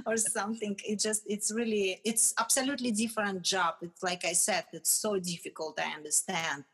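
Woman in lively chat. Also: fairly low pitch, slightly rough. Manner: animated, restarts often, laughs between phrases. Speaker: guest, retired fitness champion. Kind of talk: casual interview chat.

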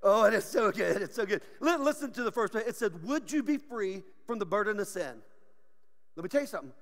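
A man preaching a sermon as pastor, animated and joking, often laughing. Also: high-pitched, a little fast, in a large hall. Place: church sanctuary.

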